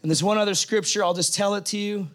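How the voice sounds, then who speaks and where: Man, preacher, high-pitched, sermon, conversational, emphatic. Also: steady tone, fast, fairly bright tone. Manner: conversational, emphatic, reads scripture aloud.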